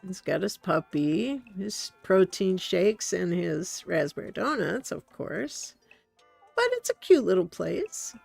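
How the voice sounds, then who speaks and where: A woman hosting a relaxed gameplay stream, chatting and giggling with her viewers. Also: lowish voice, slow pace, gravelly, slightly rough, dry recording, faint music behind. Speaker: streamer, host.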